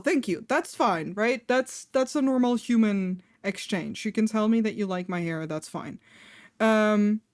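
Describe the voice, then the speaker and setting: A woman's voice: on the high side, no echo, clean studio sound. A young adult woman streamer telling a personal story in a chatty way, full of fillers and laughing between lines. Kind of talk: casual storytelling on a live stream.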